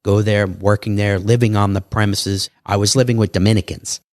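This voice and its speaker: A man telling stories as a podcast guest in an animated, casual way, acting out other people's lines. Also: fairly low pitch, a little fast, no echo, studio quality. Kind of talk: casual interview storytelling.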